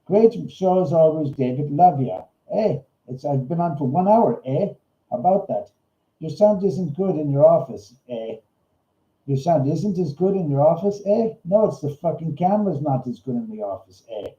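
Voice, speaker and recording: A man doing a silly stoner Canadian ghost investigator with a put-on Canadian accent, tossing in "eh" and calling people hosers. The voice is dark and mellow, a bit higher than usual for a man. It comes through as slightly dull, roomy livestream audio. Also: lively intonation, moderate pace, lightly acted. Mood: joking. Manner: jokey, ends lines with "eh", calls people hosers.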